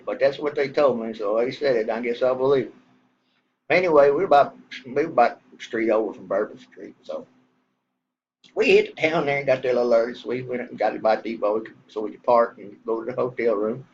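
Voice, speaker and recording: A man's voice: mid-range voice, a little hiss or hum. Middle-aged Texan man, casual folksy storyteller, slightly muffled recording. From Southern US. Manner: rambling, folksy, swears casually. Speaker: vlogger telling a story.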